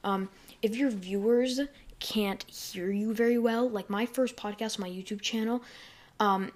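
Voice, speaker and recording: A woman's voice: mid-range voice, steady tone, a little slow. A woman hosting a casual solo podcast from her bedroom on a desk mic, rambling along with lots of fillers and self-corrections. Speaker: podcast host.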